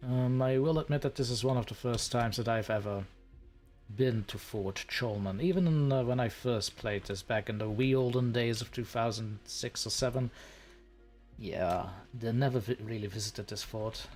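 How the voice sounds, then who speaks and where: Hosting a let's play for his gaming channel, a man jokes with and mocks the creatures in the game. He has a lowish, darkish voice.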